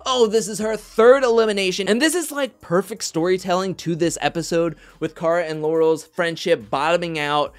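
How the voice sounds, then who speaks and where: High-pitched guy doing a chatty tv recap, animated and talky. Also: moderate pace, few pauses. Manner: chatty, animated, quotes others in mock voices. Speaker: reality TV recap host. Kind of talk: casual recap commentary.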